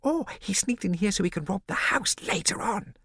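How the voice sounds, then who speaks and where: A man's voice: high-pitched, animated, moderate pace, sharp tone, slightly rough, dry recording, clean studio sound, voice pushed up, heavily acted. A man reading an audiobook, voicing a small, eager young boy who sounds breathless and wide-eyed.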